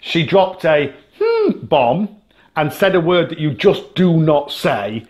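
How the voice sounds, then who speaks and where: Animated, laughing British man. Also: fairly high pitch, takes it slowly. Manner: animated storyteller, laughs often, many restarts. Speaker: podcast co-host. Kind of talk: casual chat.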